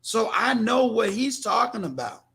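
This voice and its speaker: A man's voice: high-pitched, big pitch swings, measured pace, gravelly, background noise. An older man from New York hosting a livestream, talking to his viewers in an emphatic, preachy way and often repeating words. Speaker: livestream host. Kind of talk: casual livestream talk.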